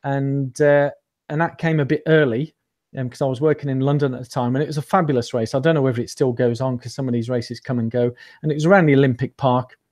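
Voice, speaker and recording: Talking fast in a slightly mellow, mid-range voice with fairly even intonation, an amateur runner tells his story as an interview guest. The chat is casual and rambling, and he's self-deprecating, with lots of ums and restarts.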